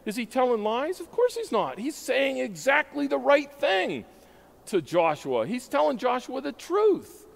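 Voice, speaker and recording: Guy preaching a sermon, pitched high and lively, asks lots of questions, hall echo. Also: measured pace, gravelly. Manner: emphatic, questioning the congregation. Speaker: pastor. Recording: hall reverb.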